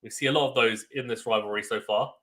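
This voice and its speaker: A young man hosting a live tennis watchalong, giving excitable play-by-play with sudden bursts of loud surprise and chatting with viewers. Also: medium pitch, fast talker. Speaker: watchalong host.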